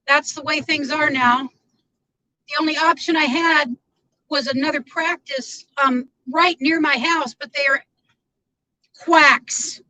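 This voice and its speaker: A woman's voice: sits high, bright, forceful tone, dry recording, poor audio. A woman rambling in casual live-stream chat from inside her car, greeting viewers by name.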